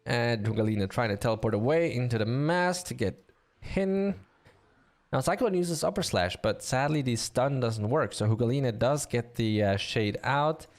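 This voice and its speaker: A man's voice: mid-range voice, animated, moderate pace. A man casting a live online game match, chatty and joking with his co-caster and the audience. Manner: chatty, joking, easily amused. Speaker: esports caster.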